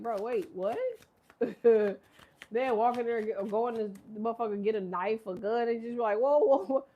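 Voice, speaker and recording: A woman's voice: fairly high pitch, mellow, a little hiss or hum. A woman in her thirties giving a casual tarot reading, rambling, profane and laughing often. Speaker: tarot reader. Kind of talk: casual live tarot chat.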